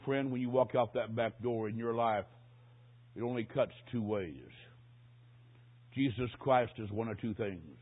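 A man preaching a sermon, telling a story dramatically, dropping to a hush and rising to a shout. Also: mid-range voice, a little slow, long pauses, slightly rough. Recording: tinny phone-like lo-fi recording.

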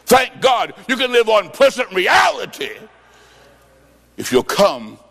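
Gravelly high-voiced preacher guy, animated sermon, echoing in a big church hall. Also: slow. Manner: animated, with sudden shouts and sing-song phrasing. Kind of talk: sermon with storytelling. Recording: long reverb of a large hall.

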